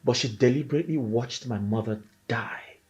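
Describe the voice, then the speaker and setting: A man's voice: medium pitch, normal speed, darkish tone, dull audio, faint music behind, close to an everyday voice. An actor with a Nigerian accent playing a grieving man who was betrayed by his wife, in a film drama. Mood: bitter.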